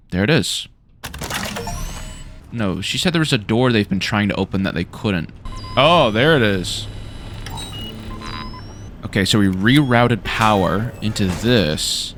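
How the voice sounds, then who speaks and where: Excitable man narrating his gameplay. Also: on the low side, slight background noise. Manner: excitable, swears, reacts loudly to the game. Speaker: gaming YouTuber. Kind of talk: casual let's-play commentary.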